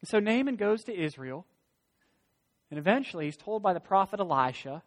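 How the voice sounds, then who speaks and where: High-voiced emphatic male preacher in a hall. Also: sing-song, brisk. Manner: emphatic, rising to loud stresses; folksy asides. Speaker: pastor. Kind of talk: sermon. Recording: long hall reverb.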